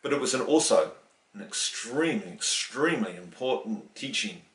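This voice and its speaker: A middle-aged man from New Zealand in a casual interview, telling a story and acting out the quoted voices with lively emphasis. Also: mid-range voice, normal speed. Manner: animated, acts out quoted dialogue, many restarts. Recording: roomy, distant from the mic.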